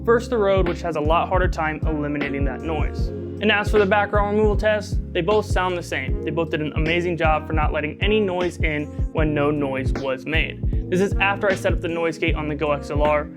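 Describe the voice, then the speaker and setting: A man's voice: a little high, fairly quick, music in the background. A man giving a casual tech review, explaining his setup in an upbeat way.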